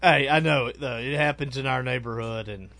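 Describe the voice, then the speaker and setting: A man hosting a sports radio show from the studio, upbeat and quick to laugh, in casual chat. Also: mid-range voice, bright, forceful tone, no room sound.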